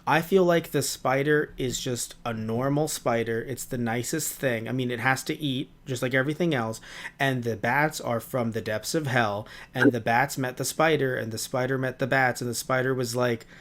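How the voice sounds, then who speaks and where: A man's voice: medium pitch, steady tone, moderate pace, a bit bright. Rambling man chatting on a podcast. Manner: rambling, with many restarts and "you know". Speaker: podcast co-host. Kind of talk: casual review chat.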